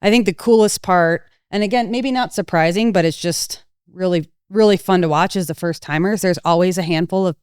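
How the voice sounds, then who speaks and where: Very clear-voiced woman instructor, thoughtful. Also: lowish voice, a little mellow, no echo, clean studio sound. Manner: thoughtful, slows down at points, light laughs. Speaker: snowmobile riding instructor. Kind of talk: casual podcast chat.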